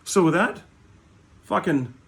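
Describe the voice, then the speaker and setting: A man's voice: on the high side, animated, slow, creaky, fairly bright tone. A middle-aged man ranting bluntly in a vlog, swearing constantly. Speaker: hockey card vlogger. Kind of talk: profane ranting monologue.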